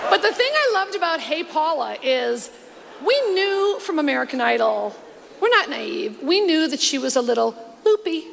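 Stand-up comic, female: high, raspy voice, animated and gossipy, playing to a noisy crowd in a big hall. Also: moderate pace. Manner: animated, gossipy storytelling with mocking impressions. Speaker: stand-up comedian. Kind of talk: stand-up comedy set. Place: large theater stage before a live audience. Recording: live hall recording with crowd noise.

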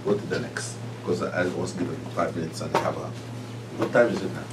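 A man's voice: low voice, quick pace, very noisy. A middle-aged man, an imam, teaching a class on Quran recitation, quizzing his students and breaking into chanted verses. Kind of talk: lively classroom lesson.

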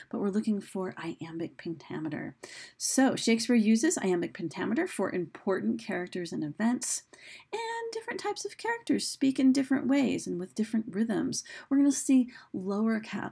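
A woman's voice: mid-range voice, creaky, mellow, husky. A woman teacher giving a recorded lesson, explaining casually with fillers and restarts, and reading quoted lines with dramatic emphasis.

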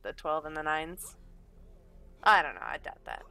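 A woman streams a game and chats with her teammates, giggling often and swearing lightly. Her voice is bright and clear. She keeps a relaxed, chatty tone. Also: low voice, moderate pace, faint music behind. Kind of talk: casual gaming chat.

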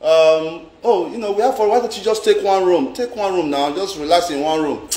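A man mimicking a woman caller in a soft, higher, mock-sweet voice. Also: normal speed, lightly acted. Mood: coaxing. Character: a woman caller quoted by the vlogger. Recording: roomy echo.

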